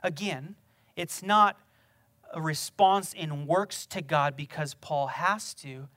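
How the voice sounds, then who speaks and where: A man preaching a sermon, building from quiet reflection to loud, emphatic exhortation with rhetorical questions. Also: on the high side, slow. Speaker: pastor.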